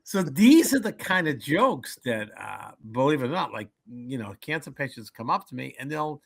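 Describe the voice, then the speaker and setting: A man's voice: medium pitch, moderate pace, vocal fry, breathy edge. A man in his seventies, a comedian telling jokes and stories in a casual interview, acting out voices as he goes. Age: 70s. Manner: animated joke-telling, acts out voices. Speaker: comedian guest.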